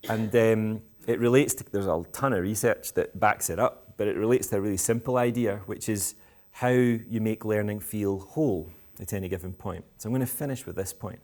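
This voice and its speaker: This man from Scotland has a fairly low, slightly mellow voice and speaks at a moderate pace. He is an education speaker giving a talk to school parents at a live school event, teasing and provoking them while mocking himself.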